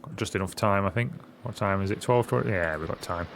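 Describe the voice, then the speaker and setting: A man's voice: sits low, fast talker, a little hiss or hum. Chatty man narrating his gameplay. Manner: chatty, reads game dialogue aloud, jokey asides. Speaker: gaming channel host. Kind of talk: casual game commentary.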